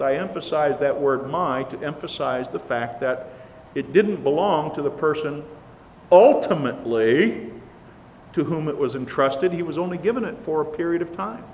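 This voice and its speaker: A man's voice: a little high, moderate pace, darkish tone. Emphatic preacher man in a reverberant hall. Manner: earnest, emphatic, rising on key words. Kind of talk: sermon. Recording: long reverb, faint background hiss.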